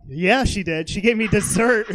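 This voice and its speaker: A man's voice: high voice, unhurried, fairly bright tone. A young man doing a stand-up comedy set on a theater stage, rambling and self-deprecating, with lots of fillers.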